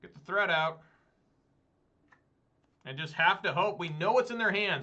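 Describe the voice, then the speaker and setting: A man's voice: sits high, animated, measured pace, sharp tone, slight background noise. A man giving casual gameplay commentary as he plays, talking to himself and swearing often. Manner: swears often, talks to himself while playing. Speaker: gameplay streamer.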